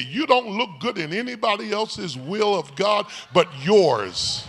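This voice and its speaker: A man preaching a live sermon as pastor, in an animated, folksy storytelling way, calling out to people in the congregation. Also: high voice, unhurried, vocal fry, few pauses, breathy edge. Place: large church sanctuary. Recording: echoey hall reverb.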